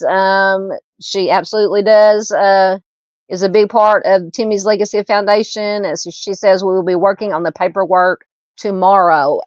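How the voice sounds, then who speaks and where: A woman's voice: mid-range voice, dry recording, lo-fi sound. A woman with a Southern accent hosting a true crime livestream, chatting casually, reading viewer comments and thanking them, with many fillers and laughs.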